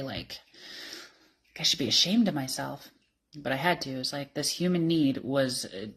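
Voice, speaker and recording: A woman in her thirties telling her life story candidly and emotionally, laughing often. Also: low voice. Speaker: interviewee. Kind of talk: personal storytelling.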